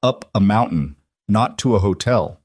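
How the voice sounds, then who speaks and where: A man's voice: lively intonation, measured pace, a little mellow, dry recording, studio quality. A man playing a blunt, terse mountain man. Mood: blunt, wary. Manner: blunt, terse, low-key.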